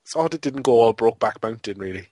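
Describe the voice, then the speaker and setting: A man's voice: mid-range voice, animated, fast talker, mellow, dry recording. A man co-hosting a podcast, rambling through a film review in a casual, amused way and often breaking into laughter. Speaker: podcast co-host.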